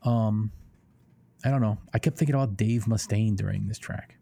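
A man's voice: fairly low pitch, normal speed, creaky, dark tone, breathy edge. A man co-hosting a casual podcast, hesitant and full of fillers, swearing casually. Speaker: podcast co-host. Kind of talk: casual chat.

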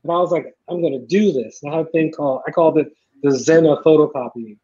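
A middle-aged man telling stories in a casual chat, acting out the people he quotes in lively voices. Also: a little high, fast, husky. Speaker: podcast guest, filmmaker. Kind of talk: casual storytelling. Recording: dull lo-fi sound.

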